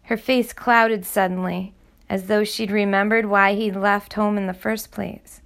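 A woman reads a novel aloud at a middle pitch, her voice carrying a gravelly rasp of vocal fry. She tells the story in a steady, measured way. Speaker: audiobook narrator. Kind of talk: scripted narration.

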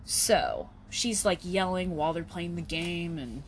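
Slow, easygoing woman host. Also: on the low side, lively intonation, slight background noise. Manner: slangy, swears, many "like" fillers. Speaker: podcast host. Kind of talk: casual storytelling.

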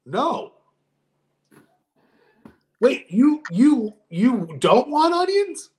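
A man co-hosting a podcast, telling a story in casual chat with a lively, profane manner. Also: very high-pitched, very slow, reverberant. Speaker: podcast co-host.

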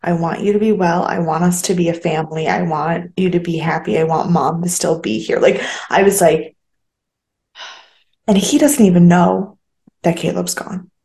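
Blunt, low-voiced woman podcast host. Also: steady tone, normal speed, mellow, echoey room. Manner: blunt, swears freely. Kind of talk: casual recap chat.

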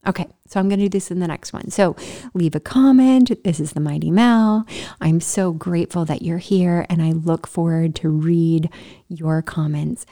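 A woman vlogger chatting casually to camera in a studio, telling a personal story in a lively way with slangy exclamations. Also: on the low side.

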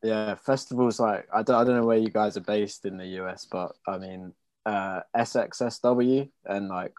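A young man with a lowish, dry voice chats casually about his band. He rambles a little and lets his sentences fade out softly. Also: normal speed, dry recording. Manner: relaxed, rambling, trails off softly. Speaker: band member. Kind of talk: casual interview chat.

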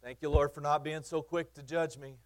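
A pastor delivers a sermon in a fairly high, steady voice, speaking a little fast. His style is conversational and emphatic, with frequent repeated and restarted phrases and teasing asides aimed at his congregation.

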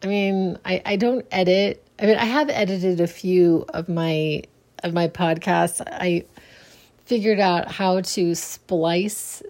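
Slow, mellow-voiced woman podcasting sleepily. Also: fairly low pitch, fairly even intonation. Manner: halting, many restarts and trailing fillers. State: sleepy, late at night. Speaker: solo podcaster and small business owner. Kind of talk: casual solo podcast monologue.

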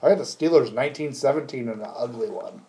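A man co-hosting a casual sports chat, cursing and laughing through quick banter. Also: medium pitch, lively intonation, mellow. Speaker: podcast co-host.

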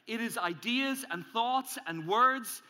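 Man, pastor, animated sermon, high bright voice, long hall echo. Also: takes it slowly. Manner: animated, acts out angry inner voices, rises in pitch and volume when emphatic. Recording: hall reverb.

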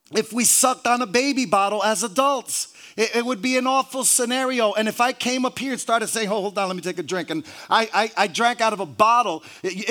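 Delivering a sermon in a very high voice, a male preacher sprinkles hallelujah into his lines, trips over and repeats words, kids around with the congregation, and climbs to shouts.

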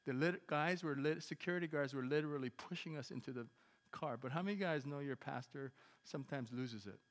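A man preaching a sermon as a pastor, telling a story in an animated way and acting out the dialogue with emphatic bursts. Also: on the high side, a little fast, long reverb tail. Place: church sanctuary.

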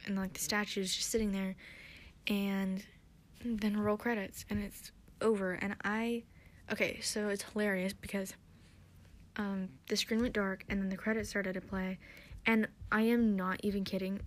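A young woman hosting a podcast, recapping and theorizing in a chatty, excitable way with lots of fillers. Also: mid-range voice, moderate pace. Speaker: podcast host.

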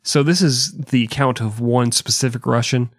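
A man's voice: medium pitch, fairly even intonation, moderate pace, no echo, studio quality. A man co-hosting a history podcast, retelling events in a casual, profane, joking way. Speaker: podcast co-host.

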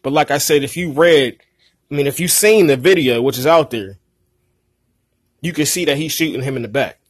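A young man gives angry commentary straight to his online viewers. His voice sits a bit high, and he hammers his points with repetition and swearing. The recording is dry and close, with no room sound. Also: moderate pace, dry recording. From Pittsburgh, USA. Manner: heated, profane, repetitive, addresses viewers as y'all. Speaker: online newscaster. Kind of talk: angry direct-to-camera commentary.

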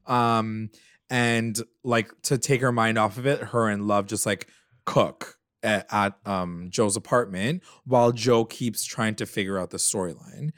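A man's voice: on the low side, steady tone, measured pace, a bit bright, dry recording, clean studio sound. A man co-hosting a podcast, recapping a TV episode in casual chat, rambling with lots of fillers and swearing. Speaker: podcast co-host.

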